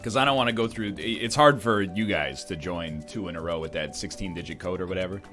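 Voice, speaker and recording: A man's voice: low voice, fast, fairly bright tone, faint music behind. A man hosting a casual gaming stream, joking around with friends. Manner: joking, sings snippets. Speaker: streamer host. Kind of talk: casual chat.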